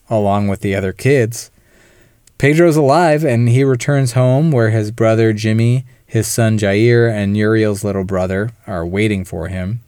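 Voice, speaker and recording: Guy on a movie podcast retelling the plot, smooth clear voice, dry close mic. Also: fairly low pitch, a little mellow, no echo. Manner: recaps the plot in detail, acts out characters' lines. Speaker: podcast co-host. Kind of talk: casual film discussion podcast.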